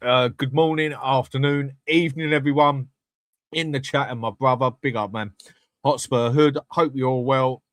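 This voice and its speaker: Blunt, swearing fan host. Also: male voice, mid-range voice, fairly even intonation, moderate pace, a bit bright, dry recording. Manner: blunt, swears freely, chatty with viewers. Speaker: host of a live fan channel. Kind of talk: live-stream chat reading comments.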